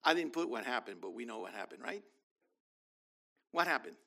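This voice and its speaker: A man preaching a sermon, animated, acting out scenes and questioning his congregation. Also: medium pitch, moderate pace, creaky. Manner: animated, acts out biblical figures, talks to congregation. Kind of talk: sermon, Bible teaching.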